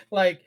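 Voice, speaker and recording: A man's voice: sits high, darkish tone, husky. A young man, a former chef, co-hosting a casual podcast and telling heated, profane stories. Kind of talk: casual chat.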